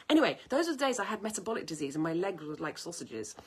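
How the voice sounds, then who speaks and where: Woman, 50s, husky voice, lowish pitch, casual meandering chat, home kitchen. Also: sing-song, fast, hardly any pauses. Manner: chatty storyteller, wanders off topic. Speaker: health and cooking vlogger. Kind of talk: casual rambling chat to camera.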